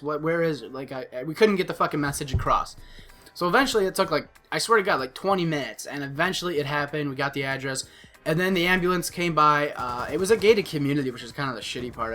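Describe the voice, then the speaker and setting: A young man telling a personal story to his viewers in a casual, animated way, swearing often and restarting sentences. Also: a little high. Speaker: vlogger.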